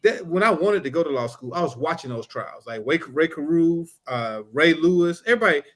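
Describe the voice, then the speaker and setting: A man co-hosting a casual podcast, a trial lawyer sharing stories from court. His voice sits a little high for a man, and he acts out witnesses and judges as he goes, with lively swings in pitch. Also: a little fast. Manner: animated, acts out courtroom exchanges. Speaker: podcast co-host. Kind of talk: casual storytelling chat.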